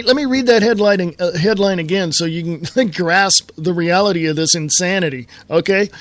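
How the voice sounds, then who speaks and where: An American man with a high, bright-toned voice hosts a talk radio show, delivering a fired-up political rant. The sound is dry and close, with no room echo. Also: moderate pace, few pauses. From United States. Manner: angry, fired-up ranting, then reading news aloud.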